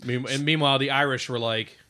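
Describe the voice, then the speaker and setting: A man's voice: mid-range voice, fairly even intonation, fast talker, bright, forceful tone. A man co-hosting a podcast in casual chat, reading out food trivia and stumbling over foreign names. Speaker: podcast co-host.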